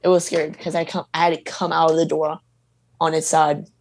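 A man guesting on a casual podcast, talking haltingly with frequent "um"s. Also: a little high, completely flat delivery, a little hiss or hum. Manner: hesitant, halting with "um".

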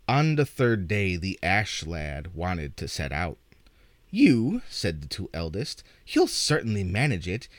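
A man reading folk tales aloud as a storyteller, in a measured and expressive way. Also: lowish voice, no room sound. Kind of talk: unhurried storytelling narration.

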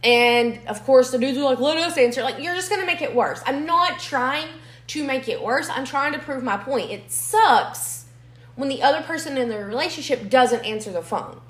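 A woman's voice: high-pitched, moderate pace. Young woman telling a messy story, cusses a lot, echoey room. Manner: blunt, swears freely, animated storytelling. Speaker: podcast co-host. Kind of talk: casual storytelling chat.

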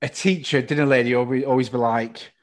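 A man's voice: medium pitch, steady tone, fairly quick. A man co-hosting a comedy podcast, playful and teasing in his banter. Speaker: podcast co-host.

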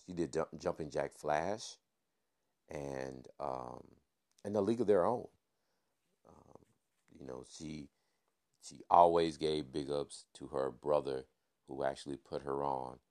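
A man's voice: rumbling low, gravelly, darkish tone. A man hosting a podcast, giving a casual news and sports recap in a laid-back way, peppering his talk with "man" and playful wordplay. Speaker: podcast host.

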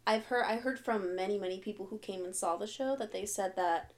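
A woman's voice: mid-range voice, brisk. A young woman in her twenties co-hosting a podcast, chatting eagerly and backing up the others. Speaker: podcast co-host. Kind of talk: casual podcast chat.

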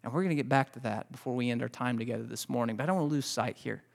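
A man's voice: mid-range voice, racing, vocal fry. A man pastor preaching a Sunday morning sermon in a conversational, storytelling way, often restarting his words and speaking directly to the congregation.

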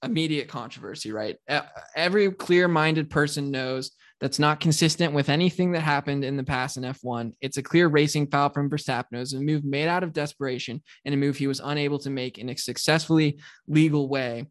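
Animated ranting man on a podcast. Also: on the high side, fairly quick. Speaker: podcast co-host. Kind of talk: casual podcast chat.

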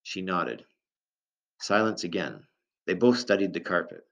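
Low-voiced man narrating a novel. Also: lively intonation, measured pace, gravelly, a bit bright. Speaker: audiobook narrator. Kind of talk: first-person novel narration. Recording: dull lo-fi recording.

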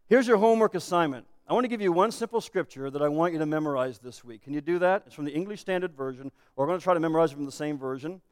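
A man's voice: on the high side, rapid-fire, few pauses, clear, resonant tone. A man preaching a sermon as pastor, earnest and building to emphatic declarations. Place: church sanctuary. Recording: echoey church hall.

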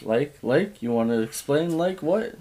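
Man with a lively, bouncing voice. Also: on the high side, a little slow. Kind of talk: casual podcast chat.

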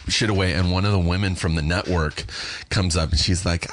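A man's voice: low-pitched, fairly even intonation, normal speed, noisy background. A man hosting a podcast in casual, profane, enthusiastic chat. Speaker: podcast host.

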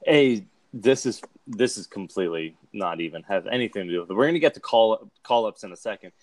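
A man's voice: lowish voice, lively intonation, fairly quick, darkish tone, no echo. A man co-hosting a wrestling podcast, talking loosely and swearing freely in casual chat. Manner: laid-back, swears freely, loose rambling delivery. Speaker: podcast co-host.

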